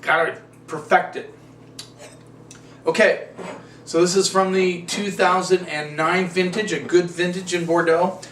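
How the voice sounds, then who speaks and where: Male wine show host, casual and rambling, slightly high voice, recorded roomy and off-mic with faint ambience. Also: flat delivery, unhurried, pauses often, fairly bright tone, far from the mic, slight background noise. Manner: folksy, rambling, self-correcting. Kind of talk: casual wine tasting talk.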